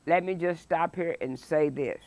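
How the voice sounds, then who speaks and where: A woman's voice: low-pitched, a little mellow, dry recording. A woman pastor teaching a midweek Bible study sermon. She preaches emphatically, stretches out key phrases and reads scripture with dramatic force. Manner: drawn-out, deliberate stresses on key phrases.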